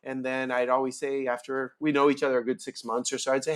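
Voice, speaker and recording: A man's voice: medium pitch, fast, few pauses. A middle-aged man, a podcast guest and business owner, telling his story in a casual interview and acting out the dialogue. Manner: animated storyteller, acts out quoted dialogue.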